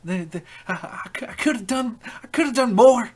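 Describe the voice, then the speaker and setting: A man's voice: animated, normal speed, breathy edge. A man voicing a drunk, grieving old sailor who has lost an arm and an eye, pleading and strained. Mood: sobbing guilt. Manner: sobbing, pleading, high and strained.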